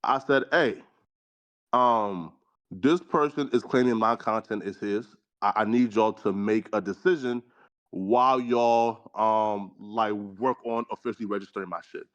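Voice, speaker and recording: On a podcast panel, a man with a fairly low, fairly bright voice chats casually at normal speed, rambling and stuffing his talk with fillers like "right" and "you feel me." He's slangy and profane, and the recording has its highs cut off.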